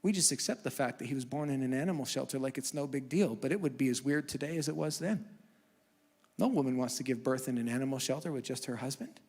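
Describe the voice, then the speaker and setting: A man in his thirties preaching a sermon with humor, moving from hushed asides to loud, fervent passages. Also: mid-range voice, fast talker. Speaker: pastor. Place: church auditorium. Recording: long church hall reverb.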